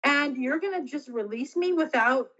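A middle-aged woman, an interview guest, telling a personal story earnestly and haltingly, often restarting her sentences. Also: high voice, animated, fairly bright tone, dull audio.

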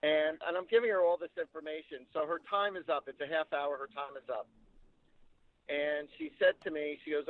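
A man on a tinny, phone-like line tells stories from his work as a psychic medium with animated storytelling. His voice sits a little high, and it sounds dry and close, with no room around it. He acts out the people he quotes as he goes. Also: fairly quick, no room sound. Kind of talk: storytelling interview.

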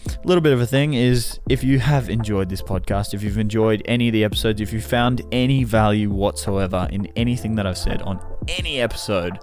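A man's voice: fairly low pitch, a little fast, a little mellow, soft background music. A man hosting his own solo podcast, talking casually to listeners, rambling, correcting himself mid-sentence and swearing offhandedly. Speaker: podcast host.

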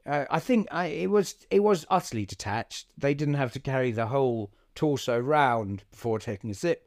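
A man co-hosting a comedy podcast, rambling through improvised chat with deadpan absurd asides and many ums. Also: medium pitch, normal speed.

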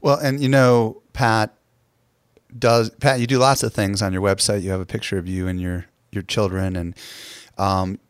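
American man, podcast host, conversational questions, low voice, dry sound. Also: steady tone, normal speed, clean tone, dry recording. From United States. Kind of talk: interview.

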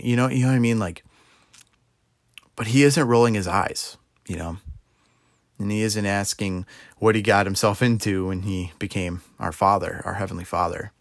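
Earnest young man, deep gravelly voice. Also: normal speed, no echo, clean studio sound. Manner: earnest, conversational, many fillers like "you know". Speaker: Christian speaker. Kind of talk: casual devotional talk.

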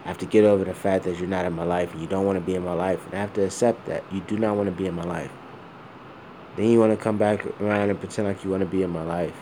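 A man's voice: low voice, fairly even intonation, quick pace, warm tone, a little hiss or hum. A man of around forty talking bluntly and with plenty of swearing in a rambling personal monologue, full of fillers and repeated asides.

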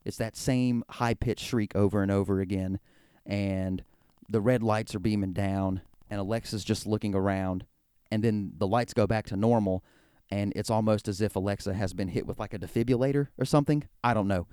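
A man hosting a casual wrestling recap show, rambling and excitable, full of "like" and "you know.". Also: fairly low pitch, normal speed, clear, resonant tone, no room sound, studio quality. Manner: rambling, excitable, heavy use of "like". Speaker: podcast host.

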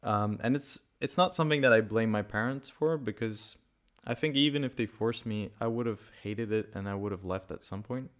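Rambling man with a lowish voice. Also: moderate pace, fairly bright tone. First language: Portuguese. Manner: rambling, self-correcting, loose and conversational. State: a bit sick, dry throat. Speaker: podcast host. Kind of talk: casual solo podcast talk.

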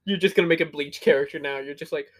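Laid-back young man with a higher voice. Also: quick pace, fairly bright tone. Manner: laid-back, laughs easily, casual swearing. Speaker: podcast co-host. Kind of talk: casual chat.

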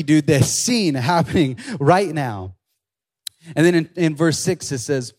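A young man preaching to a youth group in a loose, animated way, slangy and excitable. His voice sits a little high for a man, and he keeps the talk casual and lively while he reads and retells a scripture passage. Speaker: youth pastor.

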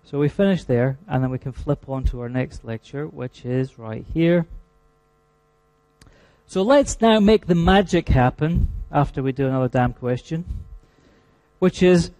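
A man with a Scottish accent giving a university lecture, stressing key terms slowly and making dry asides to the class. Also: medium pitch, expressive, mellow, dry recording.

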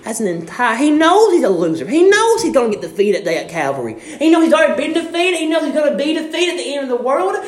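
A man's voice: sing-song, fast, hardly any pauses. Fiery young male preacher, roomy echo. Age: young adult. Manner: fervent, shouting refrains, big swings in pitch and loudness. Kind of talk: sermon.

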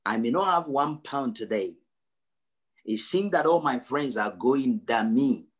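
A male pastor preaching a sermon, emphatic, repeating his phrases and swinging from low and quiet to high and loud. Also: animated, measured pace, slightly rough. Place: church service.

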